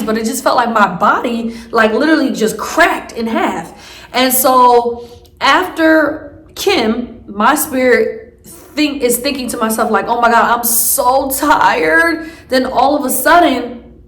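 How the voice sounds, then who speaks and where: Woman telling a story, high voice. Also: bright, forceful tone, echoey room. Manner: rambling, full of fillers and restarts. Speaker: vlogger. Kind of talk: casual storytelling.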